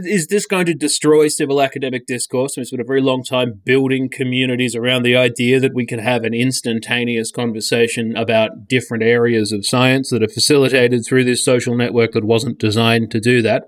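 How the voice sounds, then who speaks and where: A man's voice: medium pitch, steady tone, a little fast, dry recording, studio quality. A man in casual podcast chat, blunt and sweary, often restarting his sentences.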